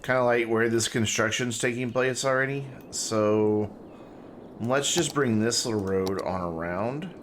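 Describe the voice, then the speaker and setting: A man's voice: mid-range voice, a little slow, fairly bright tone, a little hiss or hum. A man giving casual, chatty live-stream commentary while playing a game, talking to himself and to his chat. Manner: talking with mouth full.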